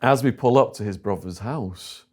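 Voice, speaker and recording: A man's voice: fairly low pitch, moderate pace. A man with an English accent, an interview guest telling a story and acting out what others said. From England. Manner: animated storyteller voicing other people in quotes.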